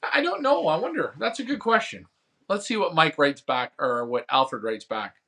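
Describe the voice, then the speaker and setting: A man's voice: medium pitch, sing-song, moderate pace, sharp tone. A man hosting a pigeon racing show, telling a rambling story about an auction and answering viewer comments in casual chat. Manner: rambling storytelling, acts out phone bids. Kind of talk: casual live-stream chat.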